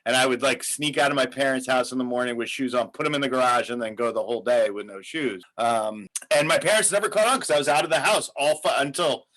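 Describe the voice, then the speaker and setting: A man's voice: mid-range voice, quick pace, few pauses, fairly bright tone, poor audio. Laid-back man from New York. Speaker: podcast guest. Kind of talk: casual chat.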